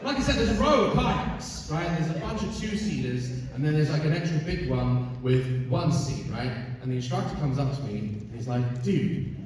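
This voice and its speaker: Animated, profane man on stage. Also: on the high side, normal speed, few pauses. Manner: animated, profane, keeps asking "right?". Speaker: comedian performing live on tour. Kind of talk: live stand-up storytelling. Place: large hall with an audience. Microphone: filmed from the audience, far from the stage. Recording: echoey hall from far off, loud noise. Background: audience laughter and noise.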